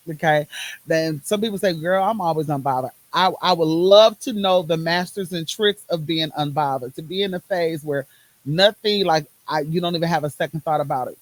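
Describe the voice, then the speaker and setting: A woman's voice: fairly low pitch, low-quality recording. A woman hosting a podcast, talking about her own life in an emphatic, repetitive rhythm, recorded on a phone. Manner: emphatic, repeats phrases in rhythmic runs; uses casual Southern US words like y'all. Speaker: podcast host; medical field worker. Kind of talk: personal podcast monologue.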